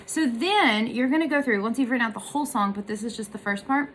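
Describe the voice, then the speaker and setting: A woman's voice: fairly high pitch, quick pace, fairly bright tone, slight background noise. A woman giving a casual music lesson, explaining in a chatty way and singing short examples. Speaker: voice teacher.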